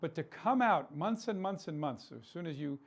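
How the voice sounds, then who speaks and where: A man's voice: on the high side, expressive, moderate pace, slightly rough. Impassioned male political talk host. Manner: impassioned, rhetorical questions, repeats words for emphasis. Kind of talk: political commentary monologue.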